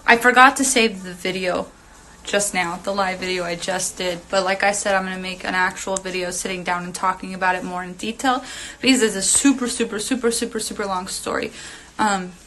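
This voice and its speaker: A woman's voice: medium pitch, fairly even intonation, a little fast, pushed and bright, a little hiss or hum, poor audio. A young woman telling a long story on a phone livestream, rambling with lots of fillers and casual swearing. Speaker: reality TV personality on a livestream.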